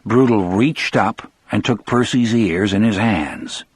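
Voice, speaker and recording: A man's voice: fairly low pitch, slow pace, breathy edge, dry recording. A man narrating an audiobook in the first person, with a dramatic storyteller delivery.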